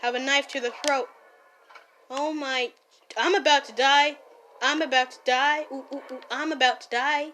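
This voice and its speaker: A woman voicing a brash, hot-tempered young gang-boss man in a listener role-play while gaming, scolding and yelling. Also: sits high, steady tone, normal speed, a little hiss or hum. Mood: annoyed gaming. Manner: loud, scolding, easily startled, playful yelling. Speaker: fan voice actor.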